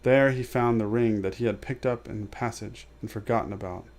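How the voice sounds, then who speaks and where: A man reading a storybook aloud as a storyteller, steady and measured, with offhand asides. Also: lowish voice.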